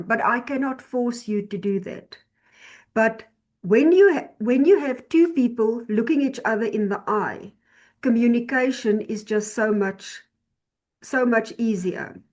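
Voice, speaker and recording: A woman teaching an online class, explaining slowly and patiently, often repeating and restarting her phrases. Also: a little high, darkish tone.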